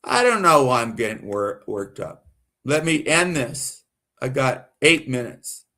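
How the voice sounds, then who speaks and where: A man's voice: mid-range voice, animated, a little slow, pushed and bright. A man from the American South doing rambling live-stream commentary, repeating himself and getting worked up and indignant.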